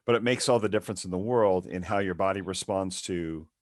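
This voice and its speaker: A man's voice: low voice, fairly quick, no echo. A man hosting an interview, speaking earnestly and urging listeners to act. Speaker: podcast host. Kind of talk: casual interview chat.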